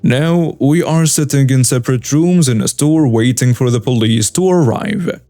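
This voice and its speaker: A young man narrating a first-person story in an earnest, steady reading tone. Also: mid-range voice, moderate pace, dry recording, soft background music.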